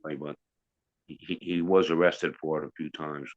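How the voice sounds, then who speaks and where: A man's voice: very deep voice, flat delivery, a little fast. A middle-aged man telling a story as an interview guest, casual and rambling, with restarts and asides. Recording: dull lo-fi sound.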